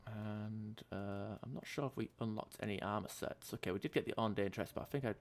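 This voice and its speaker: A young man hosts a laid-back game playthrough, chatting loosely, swearing freely and reading item text out loud. His voice is lowish and fairly quick, with slight background noise.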